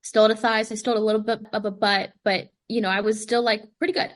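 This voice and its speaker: A young woman who dances professionally tells her story as a guest on a casual podcast, animated, saying "like" constantly and acting out the voices of people she quotes. Her voice is medium in pitch and she talks fast.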